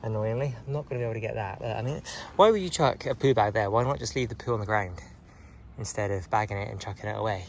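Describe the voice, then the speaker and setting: A man with a lowish voice and vocal fry talks quickly to his camera while out on a hill walk, muttering asides to himself. He's a vlogger narrating casually, with traffic nearby and a little hiss or hum on the recording.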